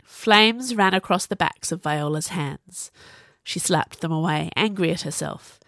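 A woman narrating a novel in a steady storytelling manner. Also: on the low side, unhurried, dry recording, clean studio sound. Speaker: audiobook narrator. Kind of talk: scripted narration.

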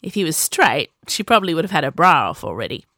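A woman narrating a novel in a steady storytelling manner. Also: sits low, fast, dry recording, studio quality. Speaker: audiobook narrator. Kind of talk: scripted narration.

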